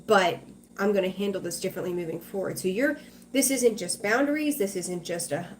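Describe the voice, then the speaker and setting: A woman's voice: mid-range voice, normal speed, a little hiss or hum. A woman hosting a tarot livestream, chatting casually with viewers, reassuring them and greeting them by name.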